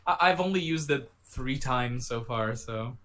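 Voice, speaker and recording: Bright-voiced man, non-native English. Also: mid-range voice, expressive, measured pace. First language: not English. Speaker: game developer. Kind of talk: casual chat.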